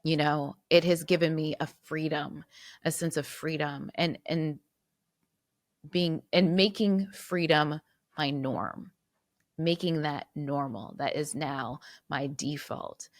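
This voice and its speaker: A woman's voice: low-pitched, no echo, clean studio sound. A woman hosting her podcast solo, reflecting earnestly and fighting back tears, with restarts and repeated words. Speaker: podcast host.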